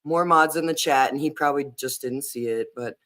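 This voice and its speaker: A man's voice: medium pitch, fairly quick, sharp tone. A man hosting a casual livestream chat, talking earnestly and hesitantly with many fillers and restarts. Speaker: livestream host.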